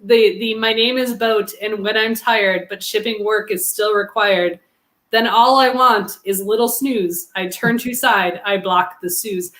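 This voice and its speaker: A woman's voice: medium pitch, fairly even intonation, a little slow, fairly bright tone. A woman co-hosting a podcast in casual chat, laughing often and talking animatedly. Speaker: podcast co-host.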